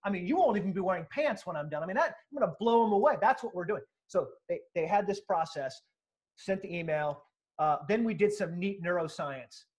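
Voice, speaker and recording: A man with a fairly high speaking voice talks through an interview answer at full energy. He is emphatic and animated, acting out quotes in other voices as he explains a sales method. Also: brisk. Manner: animated, emphatic, acts out quotes, occasional profanity. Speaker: sales speaker and author, guest.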